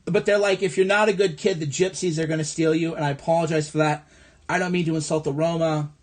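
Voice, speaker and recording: A man from the American Midwest delivers an angry, profane livestream rant into his phone. His voice sits high for a man, and he hammers his points through sarcastic repetition. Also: steady tone, fast talker. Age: adult. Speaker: livestream host. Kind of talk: ranting political livestream monologue.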